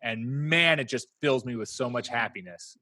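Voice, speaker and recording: A man co-hosting a podcast, chatting casually about basketball, joking and breaking into quick bursts of excitement. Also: mid-range voice, dry recording. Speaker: podcast co-host. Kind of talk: casual sports chat.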